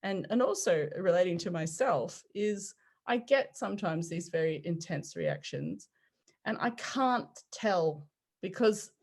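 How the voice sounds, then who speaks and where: Lively woman telling family stories. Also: lowish voice, unhurried, husky. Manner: animated, laughs often, acts out quotes. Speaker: podcast guest. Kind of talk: conversational storytelling.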